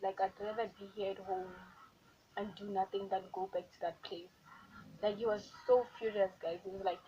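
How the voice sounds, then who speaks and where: A woman's voice: medium pitch, steady tone, brisk, muffled recording, noisy background. Chatty South African young woman. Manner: chatty, repetitive, exasperated retelling. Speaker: vlogger. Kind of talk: storytime vlog.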